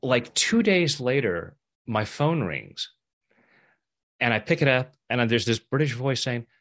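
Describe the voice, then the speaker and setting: A middle-aged man telling a personal story in a casual interview, lively when he acts out what others said and laughing often. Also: medium pitch, a little slow. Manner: animated when acting out quoted voices, laughs often. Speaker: interview guest, EFT practitioner.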